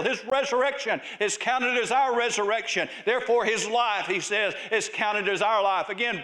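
A pastor with a fairly high voice delivers an emphatic sermon in a church. He reads scripture aloud and drives his points home by repeating key phrases. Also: fairly bright tone.

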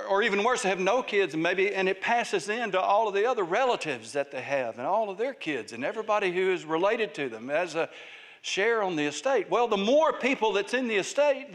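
A pastor with a fairly high voice delivers an emphatic sermon in a church. He reads scripture aloud and drives his points home by repeating key phrases. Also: animated, moderate pace, a bit bright.

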